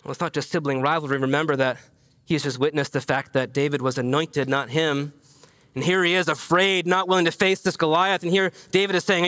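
A male pastor preaching a sermon in a casual, conversational way, telling the story with animated swings between raised emphasis and hushed, near-whispered lines. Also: a little high, quick pace. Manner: casual, conversational phrasing with many fillers.

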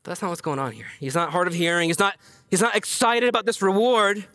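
A man preaching with a high, bright voice that carries. He talks casually and conversationally. He moves between raised, animated emphasis and quiet, near-whispered passages. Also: fast talker. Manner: casual, conversational phrasing with many fillers. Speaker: pastor. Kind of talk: sermon.

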